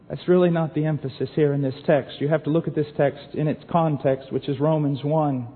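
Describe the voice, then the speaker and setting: A man preaching a sermon with passion, dropping to a hush and rising to shouts. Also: a little high, steady tone, brisk, hardly any pauses. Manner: impassioned, swinging from hushed to shouting. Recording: tinny lo-fi recording in a reverberant hall.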